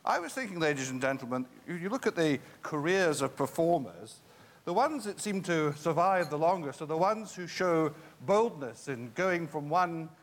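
A polite, genial male host speaks in a slightly raised voice as he introduces his guest to the audience. His words carry a long reverb from a large hall. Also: on the high side. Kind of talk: hosting a stage interview.

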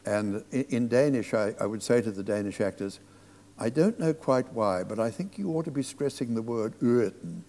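A man, a theatre director, telling anecdotes to an audience, halting and restarting as he goes. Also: mid-range voice, darkish tone. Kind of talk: storytelling on stage. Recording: long reverb of a hall.

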